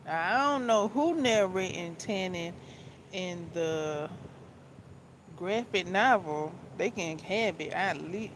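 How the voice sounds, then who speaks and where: A woman's voice: lowish voice, expressive, slow pace, slight background noise, poor audio. A woman vlogging about books in a casual, rambling way, often repeating herself and laughing as she talks. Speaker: book vlogger. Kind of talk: casual chat.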